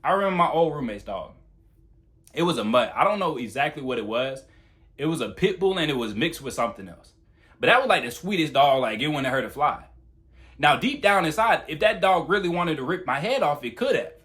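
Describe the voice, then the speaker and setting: Young guy ranting quick n blunt, cusses a lot, voice bounces all over, kinda high for a dude. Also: very animated, fairly bright tone. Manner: blunt, profane, talks fast. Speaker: YouTuber giving dating advice. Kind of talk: casual monologue to camera.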